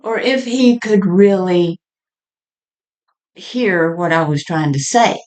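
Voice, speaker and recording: Woman, low voice, slow unhurried talk, rambling chatty storytelling with laughs. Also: expressive, a little mellow, rough recording. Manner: chatty and meandering, laughing between lines. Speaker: vlogger. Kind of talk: casual personal storytelling.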